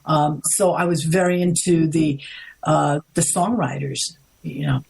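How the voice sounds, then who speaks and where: A woman's voice: measured pace, gravelly, breathy edge. A woman with a New York accent, a guest in an interview, telling her stories in a chatty way and acting out what people said. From United States. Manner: chatty, acts out quoted lines with lively pitch jumps. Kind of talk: casual interview storytelling.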